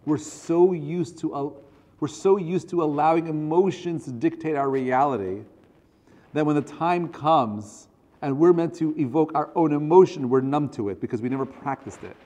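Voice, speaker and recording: Earnest rabbi teaching a class. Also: male voice, fairly high pitch, moderate pace, mellow. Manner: earnest and direct, acts out quoted dialogue. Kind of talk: conversational class talk.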